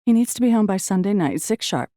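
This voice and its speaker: A woman doing a brisk, unsympathetic ex-wife. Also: mid-range voice, lively intonation, dark tone, no room sound, clean studio sound, pitched above the performer's own voice, close to an everyday voice. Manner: unsympathetic, clipped.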